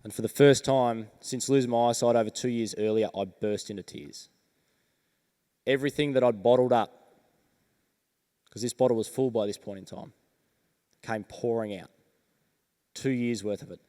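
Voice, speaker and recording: Aussie bloke telling his story on stage, smooth clear voice, big echoey hall. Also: medium pitch, warm tone. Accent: Australian. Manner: earnest, measured storytelling with dramatic pauses. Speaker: motivational speaker. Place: large event hall stage. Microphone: stage microphone. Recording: reverberant event hall.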